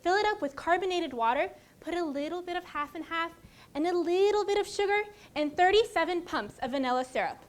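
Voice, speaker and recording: Casting: woman contest speaker, high voice, lively comic storytelling. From Arizona, USA. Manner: animated storytelling, often laughing. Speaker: speech contest competitor. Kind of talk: humorous tall-tale speech.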